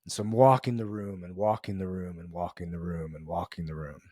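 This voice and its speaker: A man's voice: sits low, fairly even intonation, fairly quick, mellow, no echo, clean studio sound. A middle-aged man from the US East Coast hosting a podcast, telling a reflective story in a loose, conversational way with many fillers and restarts. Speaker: podcast host.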